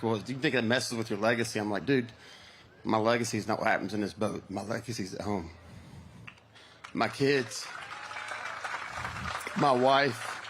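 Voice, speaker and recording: A man's voice: mid-range voice, a bit bright, a little hiss or hum. Emotional middle-aged man, heartfelt. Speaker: pro angler. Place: outdoor stage.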